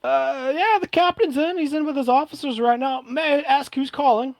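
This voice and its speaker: A man voicing a loud, cheerful masked pirate who hails visitors. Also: very high-pitched, moderate pace, gravelly, dry recording, pitched above the performer's own voice. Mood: hearty.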